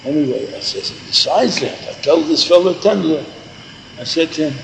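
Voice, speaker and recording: Gravelly older man telling a rambling story. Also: fairly high pitch, lively intonation, normal speed, slight background noise, rough recording. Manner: meandering, repeats himself, mixes in Yiddish and Hebrew words. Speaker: storyteller recalling yeshiva days.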